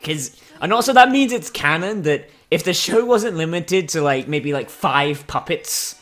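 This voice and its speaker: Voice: mid-range voice, lively intonation, measured pace, fairly bright tone, faint music behind. A commentator giving casual, profane, sardonic reactions while watching a cartoon at a desktop computer. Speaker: video reactor.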